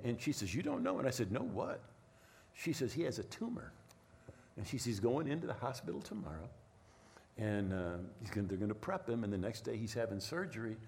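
Animated preaching man telling a story. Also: on the low side, a little hiss or hum. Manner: animated storytelling, repeats words, asks "right?". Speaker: pastor. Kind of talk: sermon with personal story.

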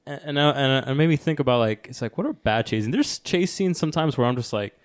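A man's voice: mid-range voice, expressive, quick pace, no echo. A man with a mid-range voice rambles on a movie podcast, stacking filler words and curses while he hunts for his point. The recording is close and dry. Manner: rambling, lots of "like", cursing. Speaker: movie review podcast co-host. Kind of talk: casual chat.

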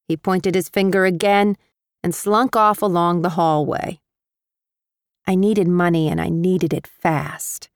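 A woman reads a first-person audiobook in a wry, measured way at an unhurried pace. Her voice is smooth and clear, recorded dry and close in a booth. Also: lowish voice, dry recording. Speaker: audiobook narrator.

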